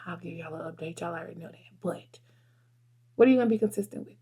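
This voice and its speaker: A woman's voice: lowish voice, fast, mellow, breathy edge. A woman, chatting earnestly and heartfelt to her viewers at her desk. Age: 30s. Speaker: vlogger and photographer. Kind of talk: casual desk chat to camera.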